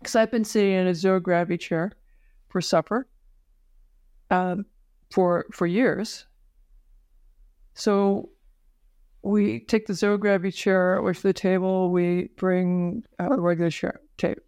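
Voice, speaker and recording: A woman physician telling her personal story as a podcast guest, halting, with many fillers and restarts. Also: lowish voice, fairly even intonation, darkish tone, clear, resonant tone, no echo, studio quality. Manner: emotional at moments. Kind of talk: personal story told in an interview.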